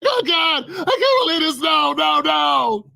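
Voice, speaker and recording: A man doing a terrified hostage tied to a chair, shouting in a strained, much higher pitch. The panic is loud and frantic, and the sound is close and dry. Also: big pitch swings, measured pace, creaky, no echo, full character voice. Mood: panicked.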